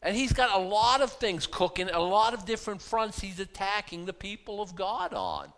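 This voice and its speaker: A pastor preaching a sermon in a conversational, animated way, full of rhetorical questions. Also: male voice, high voice, moderate pace.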